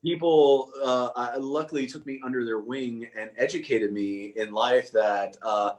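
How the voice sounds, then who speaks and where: A young man talks casually as a guest on a video call, his pitch sitting in an ordinary middle range. He tells a story at an easy pace, laughing at himself as he goes. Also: unhurried, a little mellow.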